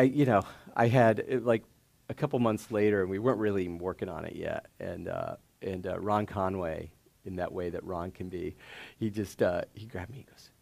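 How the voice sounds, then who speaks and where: A man's voice: lowish voice, normal speed, vocal fry, a little mellow. A man being interviewed on stage, telling loose, laughing anecdotes full of fillers. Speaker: guest investor. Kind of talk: casual storytelling interview.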